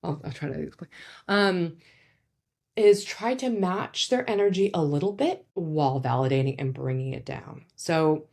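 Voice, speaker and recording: A woman psychologist talks through her advice in a relaxed, conversational way, her speech peppered with "like" and "right?". Her voice sits a little low for a woman. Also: moderate pace, creaky. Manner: conversational, many "like" and "right?" fillers. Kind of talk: casual explanatory talk.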